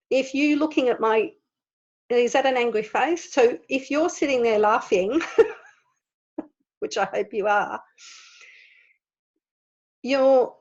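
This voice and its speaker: A woman leading an online group in an informal spiritual talk, earnest and animated, laughing often as she explains. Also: on the high side, dull audio. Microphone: video call.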